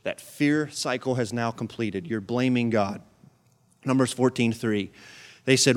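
A man's voice: medium pitch, a little slow. A male pastor delivering a sermon, preaching emphatically with repeated phrases and big swings in volume.

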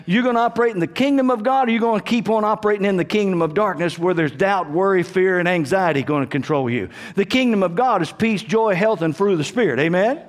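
High-voiced older pastor preaching. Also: male voice, lively intonation, fast talker, few pauses. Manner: repetitive restarts, call-and-response amens. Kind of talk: sermon with personal story.

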